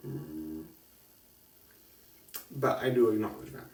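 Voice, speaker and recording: A man's voice: medium pitch, moderate pace, darkish tone, a little hiss or hum. A man giving a casual, rambling film review, correcting himself often and laughing between thoughts. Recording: echoey room, distant mic.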